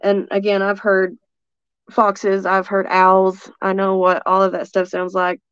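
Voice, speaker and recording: A woman from East Tennessee with a Southern accent, telling a story as a guest in a rambling, excitable way full of restarts. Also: mid-range voice, unhurried, clear, resonant tone, no echo, highs cut off. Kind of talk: casual storytelling.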